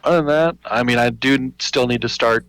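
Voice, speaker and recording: A man co-hosting a gaming podcast who chats in a relaxed, hesitant way with many fillers. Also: mid-range voice, fairly quick, clean tone, no echo, poor audio. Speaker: podcast co-host. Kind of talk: casual chat.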